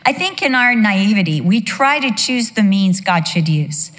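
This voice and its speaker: Middle-aged woman preaching slow n funny, acts out voices, big reverby church hall. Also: mid-range voice, expressive. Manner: humorous, acts out voices in her stories. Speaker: pastor. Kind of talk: sermon. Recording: long reverb of a large hall.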